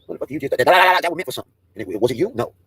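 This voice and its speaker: A man's voice: a little high, lively intonation, rapid-fire, noisy background. A man in a profane, taunting livestream rant, mocking and daring his targets.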